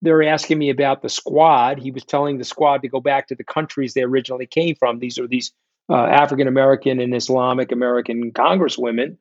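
A middle-aged man tells his side of the story in a blunt, combative, often profane way. His voice sits at an ordinary pitch. It comes through a dull, lo-fi remote connection in a dry, close space. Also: steady tone, brisk, no room sound. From New York. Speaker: guest. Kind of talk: candid interview storytelling. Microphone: remote call.

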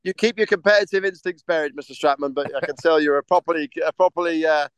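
A man's voice: a little high, fast talker, smooth, no echo. A man co-hosting a casual podcast chat, rambling and hesitant with lots of restarts. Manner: rambling, hesitant, full of ums and restarts, laughs easily. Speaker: podcast co-host.

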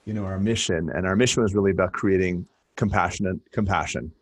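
A man's voice: low-pitched, quick pace, dry recording. A man in his thirties, a podcast co-host, sharing thoughts in an earnest, wordy way. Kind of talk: casual conversation.

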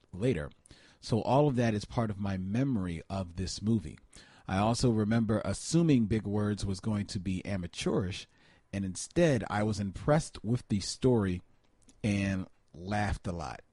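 Lower-voiced man co-hosting a podcast. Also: animated, normal speed, mellow, breathy edge, no room sound. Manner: reads listener comments, many fillers. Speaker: podcast co-host. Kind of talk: casual chat.

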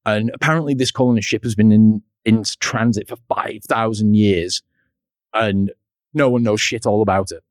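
A man's voice: fairly low pitch, steady tone, moderate pace, no room sound, clean studio sound. A man co-hosting a casual podcast, recapping a cartoon episode in a chatty, storytelling way and laughing at his own jokes. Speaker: podcast co-host.

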